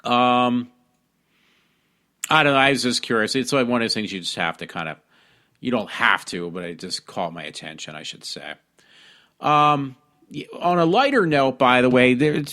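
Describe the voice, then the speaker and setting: A man from hosting a casual talk show, reading news stories aloud and commenting on them with many ums, pauses and restarts. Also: mid-range voice, big pitch swings, a bit bright. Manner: reads articles aloud with frequent ums and restarts. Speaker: podcast host.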